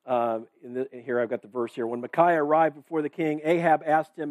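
Male pastor, conversational sermon, filler-heavy, somewhat raised pitch, close dry recording. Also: steady tone, brisk, few pauses, no echo, phone-quality sound. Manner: casual, conversational, reads verses and checks in with "right?" and "okay?".

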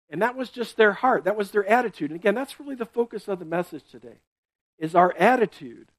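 High-voiced man preaching conversationally. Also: no echo. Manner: conversational, often checks in with "right?" and "okay?"; restarts and repeats words while explaining. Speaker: pastor. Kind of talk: sermon.

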